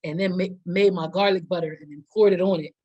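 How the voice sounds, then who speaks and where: Quick-paced and on the low side, this woman in her thirties co-hosts a podcast as a casual mealtime chat, eating while she talks. She's animated and laughs frequently. The sound is lo-fi.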